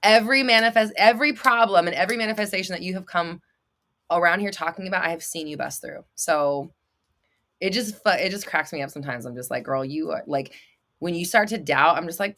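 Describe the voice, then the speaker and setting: Bright-voiced, blunt woman livestreaming. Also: fairly low pitch, brisk. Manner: blunt, swears freely, excitable, laughs often. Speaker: manifestation coach and livestream host. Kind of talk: casual livestream chat, reading viewer comments.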